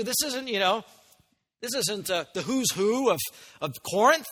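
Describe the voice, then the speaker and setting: A man preaching a sermon, swinging from quiet asides to loud, emphatic scripture reading. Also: high-pitched, moderate pace. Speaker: pastor.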